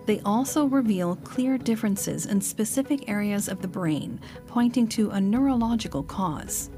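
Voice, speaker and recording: A woman narrates a documentary in a calm, explanatory manner. Her pitch sits in a middle range. Faint music plays beneath her. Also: normal speed. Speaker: documentary narrator and voice-over translator.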